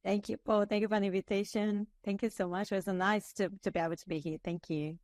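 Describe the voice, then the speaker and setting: A woman in her thirties from Brazil, a native Portuguese speaker with a Brazilian accent, chatting as a guest with halting, non-native English. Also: medium pitch, little pitch movement, a little mellow, no echo, clean studio sound. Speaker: guest wine expert. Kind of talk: casual interview chat.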